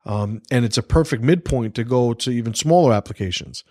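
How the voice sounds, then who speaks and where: A man's voice: medium pitch, a little fast, darkish tone, no room sound, studio quality. A man hosting a casual livestream podcast, rambling, swearing freely and restarting his sentences. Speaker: podcast host.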